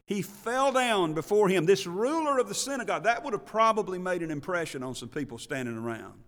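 Male church elder preaching, earnest and a bit high-voiced, repeating words as he builds rhetorical questions, long hall reverb. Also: sing-song, fairly quick, a bit bright. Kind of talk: sermon.

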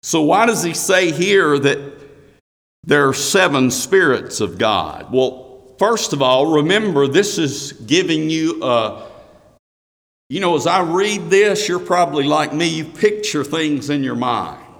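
A man preaching a sermon. He reads scripture aloud in a raised voice, then explains it slowly. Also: a little high, lively intonation, gravelly, a bit bright, big-room sound.

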